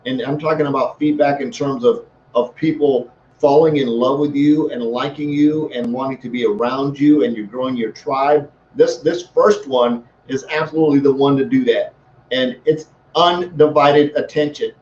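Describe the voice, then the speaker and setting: A man's voice: mid-range voice, normal speed, a little mellow, a little hiss or hum. A man talking as a leadership coach in a casual live-stream, rambling with many restarts. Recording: echoey room, dull lo-fi sound.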